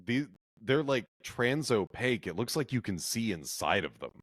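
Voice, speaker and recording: A man on a movie podcast, giving his take in a thoughtful, halting way with many fillers. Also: medium pitch, sing-song, fairly bright tone, no echo, studio quality. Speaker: podcast co-host. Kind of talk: casual movie review chat.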